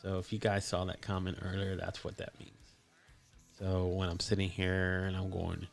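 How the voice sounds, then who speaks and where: A man with a low, monotone voice and vocal fry talks at a moderate pace over faint background music. Hosting a casual live stream, he's chatty and enthusiastic, full of fillers, and his desktop mic processes his voice to sound deeper.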